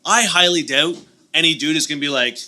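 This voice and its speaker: A man co-hosts a podcast live on stage at a show venue, joking and rambling in casual comedic chat with many restarts. His voice is fairly high and sharp-toned, and he talks fairly quickly.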